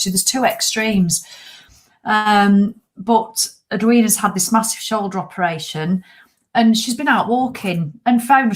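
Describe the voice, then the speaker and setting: Woman, middle-aged, fitness vlogger; chatty, blunt, animated telling, mid pitch. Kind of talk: casual chat to viewers.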